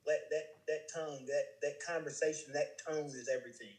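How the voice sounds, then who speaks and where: A man on a casual morning talk show, speaking haltingly and repeating words as he searches for them. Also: fairly high pitch, fairly even intonation, darkish tone. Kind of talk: casual chat.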